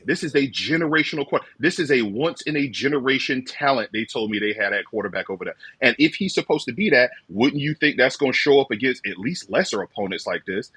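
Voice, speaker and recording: A man with a slightly husky voice talks college football with a co-host, animated and full of mock quotes. The sound is dry and close, with no room around it. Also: mid-range voice, a little fast, few pauses, no room sound. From rural southern United States. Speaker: co-host of a fan call-in show. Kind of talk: casual sports talk.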